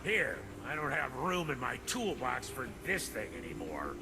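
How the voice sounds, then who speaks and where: A cheerful game mechanic. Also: male voice, mid-range voice, wildly swooping pitch, normal speed, vocal fry, noisy background. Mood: grateful. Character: cheerful male mechanic with a toolbox. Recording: game audio with loud music behind.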